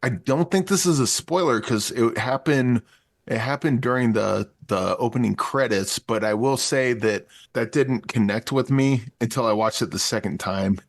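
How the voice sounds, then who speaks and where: A man co-hosting a casual movie review podcast, chatty and excited, laughing often. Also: medium pitch, moderate pace, no echo, clean studio sound. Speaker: podcast co-host.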